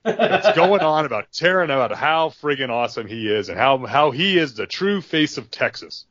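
A man's voice: mid-range voice, big pitch swings, moderate pace, hardly any pauses, fairly bright tone, no room sound, muffled recording. Rambling male podcast host. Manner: rambling, with many fillers and restarts. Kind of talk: casual storytelling chat.

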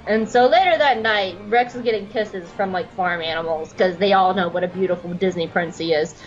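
A woman with a mid-range voice talks a little fast, hardly pausing, on a muffled recording with soft background music. Her comedic recap rambles along with giggles and free swearing, and she acts out the characters' lines in their voices.

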